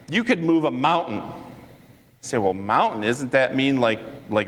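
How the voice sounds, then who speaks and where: Animated preacher in a reverberant church. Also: male voice, normal speed. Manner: animated storytelling, acting out quotes with sudden high-pitched outbursts. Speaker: pastor. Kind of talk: sermon. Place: church sanctuary. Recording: church sanctuary with long reverb.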